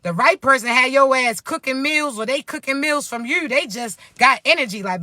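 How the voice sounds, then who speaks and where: A woman with a bright, forceful voice gives spiritual coaching advice straight into the camera. She is blunt and profane and does not sugarcoat anything, calling her listeners baby between preachy asides. The sound is close and dry. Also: high-pitched, lively intonation, normal speed, dry recording. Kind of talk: casual motivational vlog talk.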